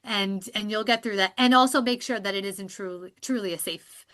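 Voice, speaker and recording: A woman psychologist guest on a podcast, explaining therapy and coping skills in a lively, talkative way, laughing often. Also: medium pitch, a little fast. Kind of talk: podcast interview.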